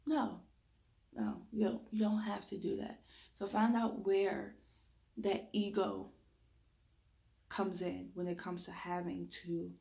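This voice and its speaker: A woman's voice: fairly low pitch, gravelly, a little mellow. A woman reiki practitioner giving an emphatic spiritual guidance talk, repeating her points like a coach. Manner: emphatic, repetitive coaching with laughs.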